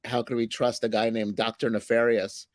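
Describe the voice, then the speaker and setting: A man's voice: medium pitch, level tone, moderate pace, dry recording. Guy rambling through a casual chat, laughs at his own jokes, dry close mic. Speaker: comic book editor and writer.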